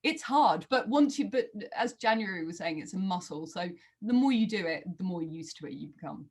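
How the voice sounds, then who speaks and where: A woman's voice: on the low side, expressive, brisk, a little mellow, husky, rough recording. A woman audiobook narrator on a panel, speaking with wry, self-mocking humor. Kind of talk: panel discussion.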